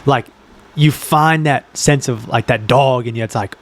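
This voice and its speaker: A man's voice: mid-range voice, measured pace. Rambling young man chatting on a podcast. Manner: rambling, filler-heavy, animated storytelling with acted-out quotes. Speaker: podcast co-host. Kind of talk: casual chat. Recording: faint background noise.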